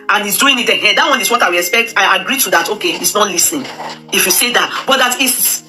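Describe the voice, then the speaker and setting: Nigerian woman commentator, very bright and sharp, emphatic, faint music bed. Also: medium pitch, normal speed. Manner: emphatic, repetitive, with Pidgin asides and frequent hesitations. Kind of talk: casual opinion talk.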